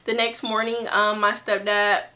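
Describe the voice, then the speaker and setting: A young vlogger tells her camera a personal story in a casual, chatty way, full of fillers and restarts. Her medium-pitched voice is bright and forceful, unhurried, with little pitch movement.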